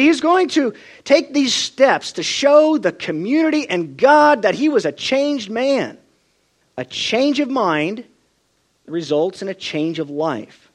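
A man preaching a sermon with a high, lively voice that swoops up and down. He tells his stories with feeling and acts out the voices of the people in them. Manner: expressive storytelling, acts out quoted voices.

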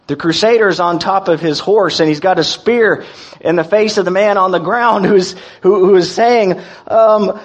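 A man preaching a sermon in a folksy, halting way, with many restarts as he tells jokes and reads verses. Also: high voice. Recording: dull lo-fi recording.

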